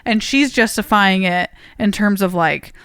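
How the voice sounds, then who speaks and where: Smooth-voiced podcast co-host recapping plot. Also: mid-range voice, a little slow, fairly bright tone, no echo, studio quality. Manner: recaps the plot eagerly, with many filler "like"s. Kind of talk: casual chat.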